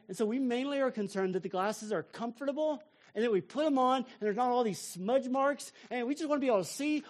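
A middle-aged American pastor preaching a sermon, dropping to near whispers and rising to fervent, shouted praise. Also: male voice, high voice. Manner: preaching with big swings from hushed to shouted.

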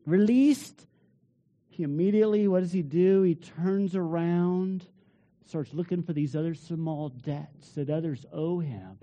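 A male pastor delivers a sermon in a high, mellow voice. He acts out small everyday scenes in different voices. He moves between hushed, heavy passages and loud, lively ones.

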